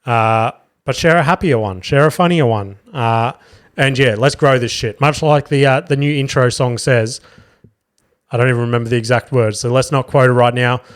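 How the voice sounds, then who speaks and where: Sweary, low-energy podcast host. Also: male voice, moderate pace, clean tone. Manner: loose, sweary, rambling. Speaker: podcast host and stand-up comic. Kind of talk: casual podcast sign-off.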